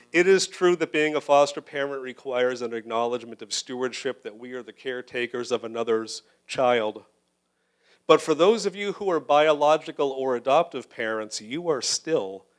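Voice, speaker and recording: A middle-aged male pastor preaching a sermon in a church, his voice sitting at an ordinary middle pitch. He speaks earnestly and personally, piling up phrases for emphasis while holding back tears. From United States. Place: church sanctuary.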